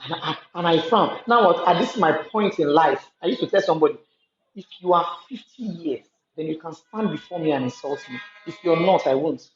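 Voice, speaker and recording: A woman's voice: low voice, brisk, hardly any pauses, slight background noise. Nigerian woman, casual monologue, emphatic storyteller, echoey room, slightly muffled sound. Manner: talkative, emphatic storytelling with repetitions.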